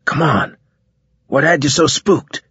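A man voicing a jumpy young male soldier recruit who talks in quick, urgent bursts. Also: on the high side, animated, a bit bright, slightly rough, no echo, muffled recording, voice pushed up, exaggerated voice.

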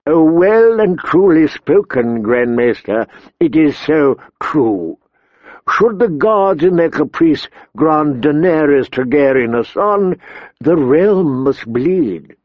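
A sly, oily courtier purrs his words softly and slowly, as a man puts him on for an audiobook. The voice sits close and dry on a slightly dull recording. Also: a little high, lively intonation, dry recording, pitched above the performer's own voice. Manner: soft, slow, ingratiating. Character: soft-handed oily male courtier, smooth and sly. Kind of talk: audiobook character voice.

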